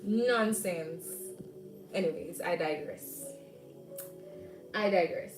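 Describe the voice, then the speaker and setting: Jamaican girl chatting on stream, laughs a lot, echoey room, bit far off, soft music behind. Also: on the low side, takes it slowly. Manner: animated, laughing, banters with viewers. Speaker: livestream host. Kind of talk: casual chat reading live comments. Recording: roomy echo, mic at a distance, faint music.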